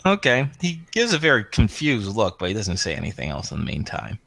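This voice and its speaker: A man's voice: fairly low pitch, huge pitch swings, fairly quick, creaky, a bit bright, no echo. A man narrating a tabletop game as game master, rambling with many fillers.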